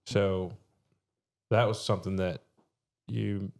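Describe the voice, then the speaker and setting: A man's voice: low voice, steady tone, slow pace, vocal fry, darkish tone. A man co-hosting a podcast, bantering and joking at his own expense. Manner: joking, self-deprecating banter. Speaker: podcast co-host. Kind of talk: casual podcast conversation.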